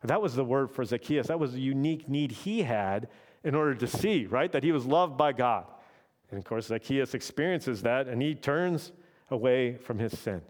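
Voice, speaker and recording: A man's voice: mid-range voice, expressive, normal speed. A man preaching a sermon as pastor, in a conversational way that keeps checking in with "right?". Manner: conversational, often adds "right?".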